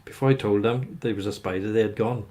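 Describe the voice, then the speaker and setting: A livestream host tells his chat a rambling, ranting story, tacking "right?" onto his sentences. His lowish voice is warm and steady in tone, and he talks fast.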